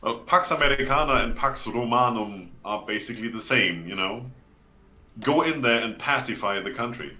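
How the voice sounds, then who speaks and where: A man's voice: mid-range voice, normal speed, pushed and bright, lo-fi sound. A man co-streaming a strategy game, chatting casually with offhand, wry jokes. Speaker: let's play co-streamer. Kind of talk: casual co-op gameplay chat.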